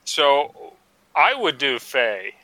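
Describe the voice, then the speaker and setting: Man, bright voice, chatty game-idea pitcher, filler-heavy, dry sound. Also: very animated, drawn-out words, dry recording, poor audio. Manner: chatty, lots of fillers and tag questions. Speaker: panelist. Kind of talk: casual tabletop game discussion.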